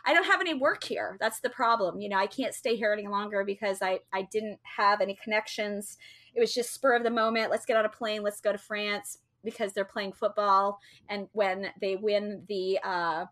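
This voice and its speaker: A woman's voice: mid-range voice, moderate pace, a bit bright. A woman telling a long story in casual chat, chatty and full of fillers and restarts. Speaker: co-host telling a travel story.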